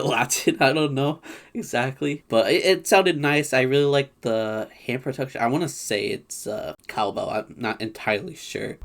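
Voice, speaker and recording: An American man hosting a casual album reaction, thinking aloud with small restarts and chuckles. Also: mid-range voice. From United States. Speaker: music reaction channel host.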